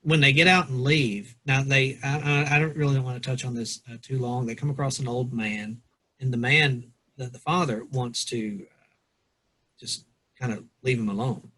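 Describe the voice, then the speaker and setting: Male podcast co-host, husky, mid-pitched, rambling casual talk. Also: steady tone, normal speed, bright, forceful tone. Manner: loose, rambling, reads quotes aloud with restarts. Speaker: podcast co-host, pastor or lawyer. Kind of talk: casual book discussion.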